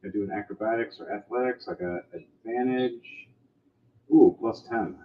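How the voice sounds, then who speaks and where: A man running a tabletop game as game master, narrating in an animated way and acting out sound effects. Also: on the low side, normal speed, phone-quality sound.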